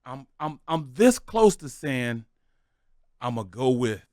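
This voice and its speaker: A man raised in St. Louis, co-hosting a sports talk show in a loose, chatty way and quick to laugh. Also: mid-range voice, very animated, darkish tone, no room sound, clean studio sound. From St. Louis, USA. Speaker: sports radio co-host.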